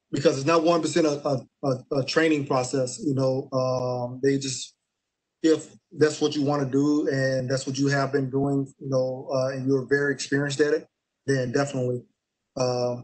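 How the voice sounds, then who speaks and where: A young man, an Army staff sergeant, answering interview questions in a relaxed way with many fillers and restarts. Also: medium pitch, normal speed, rough recording.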